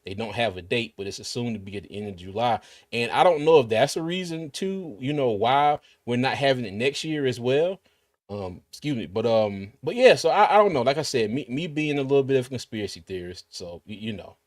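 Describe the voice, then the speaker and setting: A man's voice: medium pitch, expressive, fairly quick, dry recording, clean studio sound. A man hosting a casual livestream, chatting and reading viewer comments aloud with frequent restarts. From Carolinas, US. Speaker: livestream host.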